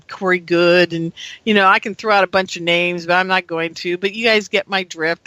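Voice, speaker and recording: Bright-voiced woman ranting on talk radio. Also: fairly low pitch, no room sound. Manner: ranting, mimics gullible listeners in raised voice. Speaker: radio guest. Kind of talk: animated talk-radio rant.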